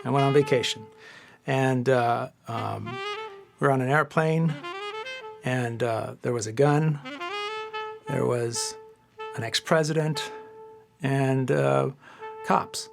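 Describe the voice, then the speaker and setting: A middle-aged man, an audiobook producer, telling his life story in a relaxed, rambling interview. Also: mid-range voice, takes it slowly, vocal fry, pauses often, over music. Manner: relaxed, rambling anecdotes with fillers. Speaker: audiobook studio owner.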